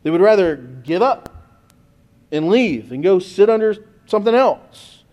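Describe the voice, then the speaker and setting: High-voiced man preaching a sermon. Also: very animated, a little slow, a little mellow, highs cut off, slight background noise. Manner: conversational preaching, addressing the congregation directly. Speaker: pastor.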